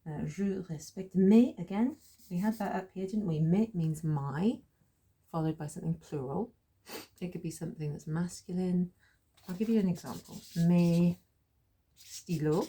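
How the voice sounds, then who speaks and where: A woman with a low, gravelly, very dark voice teaches a French lesson. She explains patiently, says each French phrase several times and laughs at her own slips. There's a husky edge to her tone. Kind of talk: relaxed spoken lesson.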